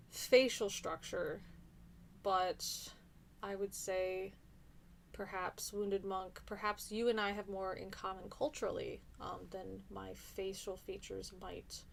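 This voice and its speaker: A woman's voice: medium pitch, creaky, a little hiss or hum. Chatty New woman streaming. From New Zealand. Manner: chatty and hesitant, many ums and restarts. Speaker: livestream host. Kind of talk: casual livestream chat answering viewer comments.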